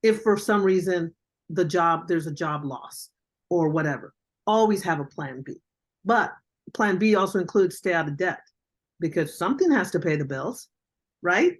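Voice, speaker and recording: A woman's voice: on the low side, expressive, moderate pace. An older woman, a veteran journalist, giving blunt, emphatic career advice as a guest on an online mentoring interview over a video call.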